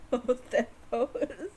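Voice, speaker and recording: A woman streaming a game live, reacting excitedly and often laughing. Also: high voice, breathy edge.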